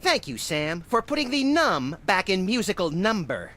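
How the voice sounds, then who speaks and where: A man's voice: high-pitched, sing-song, normal speed, a bit bright, soft background music. A man voicing a manic, egotistical little rabbit-like creature in a video game, sardonic and theatrical. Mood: smug. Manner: sardonic, self-absorbed, theatrical.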